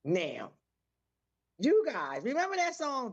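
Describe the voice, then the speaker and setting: A woman's voice: high-pitched, big pitch swings, moderate pace. A woman co-hosting an internet radio show, chatting casually, laughing and swearing freely as she reads out a word of the day. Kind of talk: casual banter.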